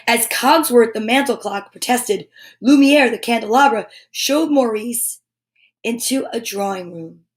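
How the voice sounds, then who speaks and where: Woman, children's storyteller, animated, slightly high voice, slow reading. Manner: animated, with gasps and asides. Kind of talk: reading a picture book aloud to children.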